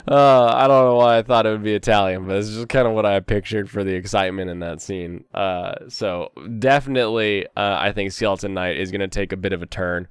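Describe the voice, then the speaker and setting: A man's voice: lowish voice, steady tone, a little fast, hardly any pauses, smooth, no room sound. A young man hosting a casual anime chat while sick, rambling with many fillers and frequent laughs. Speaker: host.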